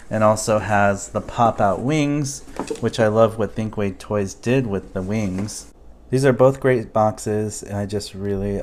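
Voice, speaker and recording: A man casually reviewing collectible toys, thinking aloud with relaxed ums. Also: on the low side, slight background noise. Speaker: toy reviewer.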